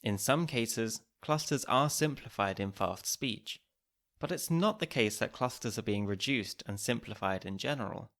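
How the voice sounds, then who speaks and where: A man hosting a podcast, reading scripted narration in a clear, measured, explanatory way. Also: mid-range voice, animated, fairly bright tone. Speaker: podcast host.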